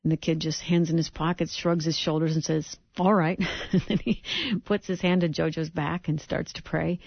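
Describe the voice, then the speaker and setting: A woman's voice: sits low, flat delivery, normal speed, gravelly, no echo, highs cut off. A middle-aged woman telling a personal faith testimony, vividly acting out the quotes. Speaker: speaker giving a testimony.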